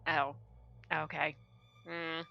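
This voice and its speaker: Woman player, relaxed table talk, low-ish voice, talks fast and easy. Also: gravelly, no room sound, lo-fi sound, faint music behind. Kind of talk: casual chat.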